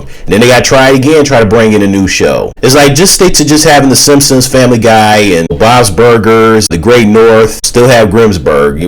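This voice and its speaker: A man's voice: medium pitch, low-quality recording. A man giving a casual, exasperated opinion rant as a YouTuber. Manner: exasperated, ranting.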